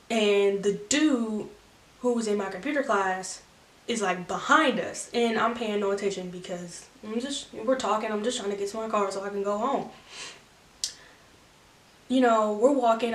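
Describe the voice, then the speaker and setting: A woman's voice: medium pitch, moderate pace, far from the mic. A young adult woman telling a storytime in a chatty way, full of "like" fillers and restarts. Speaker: vlogger. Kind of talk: casual storytime. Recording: roomy echo, from the mic.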